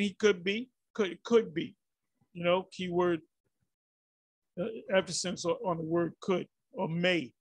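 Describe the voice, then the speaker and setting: A man's voice: high-pitched, creaky, no room sound. A man giving rambling, exasperated commentary on a religious video, full of restarts and fillers.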